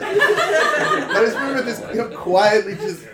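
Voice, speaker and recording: Lively high-voiced man telling stories. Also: slow. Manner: animated, laughing, acts out friends' lines. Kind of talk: casual storytelling among friends. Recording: echoey room, noisy background.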